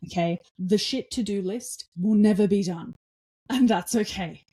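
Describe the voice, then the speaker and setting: A woman hosting a podcast, giving casual motivational talk in an energetic, blunt way, swearing freely and acting out little dialogues in her own voice. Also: medium pitch, unhurried. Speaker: podcast host.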